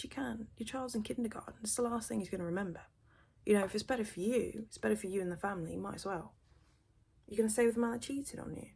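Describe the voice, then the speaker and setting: A young British woman doing a whispered role-play, gossiping quickly and switching between whispers and a soft voice, close to the mic. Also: medium pitch, gravelly, husky. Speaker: ASMR creator.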